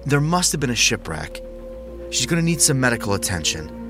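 A man's voice: mid-range voice, sing-song, fairly quick, over music, pitched above the performer's own voice. A man voicing a nervous young husband in a horror story, tense and hesitant, stumbling over his words. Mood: shaken. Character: anxious young husband, cautious and shaken. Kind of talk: dramatic horror story reading.

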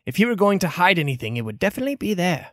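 A woman narrating as game master of a tabletop role-playing game, chatty and expressive. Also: on the low side, very fast, no room sound, clean studio sound.

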